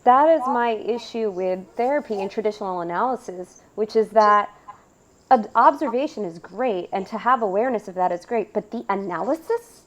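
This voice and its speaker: A woman's voice: medium pitch, normal speed. A woman hosting a podcast, talking in an earnest, emphatic way and asking questions to make her point. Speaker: podcast host. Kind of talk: casual conversational interview.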